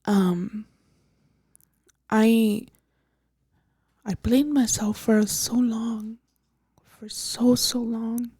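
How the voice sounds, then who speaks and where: A young woman hosting a podcast, telling a personal story in a halting, emotional way with many fillers and restarts, often soft and breathy. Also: on the high side, fairly even intonation, no room sound, clean studio sound. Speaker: podcast host.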